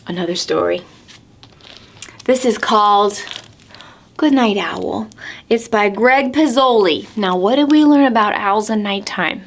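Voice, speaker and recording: A woman's voice: medium pitch, unhurried, vocal fry, long pauses, slight background noise. A young woman who is a children's librarian, reading a picture book aloud at a preschool storytime and asking the children encouraging questions.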